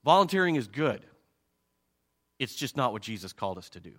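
A male pastor preaching a sermon in an animated way, acting out his listeners' reactions. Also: medium pitch, brisk.

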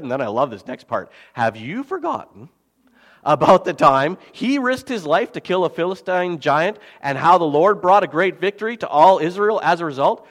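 A man preaching a sermon as pastor, swinging between loud emphasis and quiet, soft asides. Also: fairly high pitch, very animated, moderate pace. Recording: long hall reverb.

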